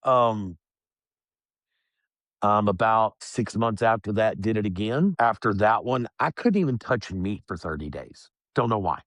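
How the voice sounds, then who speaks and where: Man, very low voice, plainspoken, calm, reflective, podcast guest, dry close sound. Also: unhurried, no room sound. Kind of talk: candid personal storytelling.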